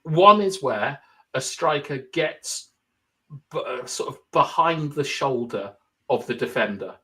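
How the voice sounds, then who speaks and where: A man's voice: mid-range voice, lively intonation, slow, fairly bright tone. A young man co-hosting a casual football podcast, explaining tactics at length and thinking aloud with lots of fillers. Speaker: podcast co-host.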